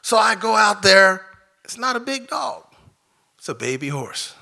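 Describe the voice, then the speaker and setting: A man telling a personal story live on stage, animated and laughing through it. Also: high-pitched, unhurried, gravelly.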